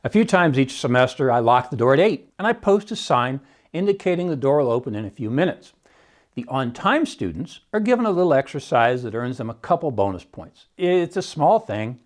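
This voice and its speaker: A man who teaches economics talks through his prepared commentary with a lively, swooping pitch. He is emphatic, often opens a point with "see," and drops in wry asides along the way. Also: brisk. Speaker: economics professor hosting a Christian podcast.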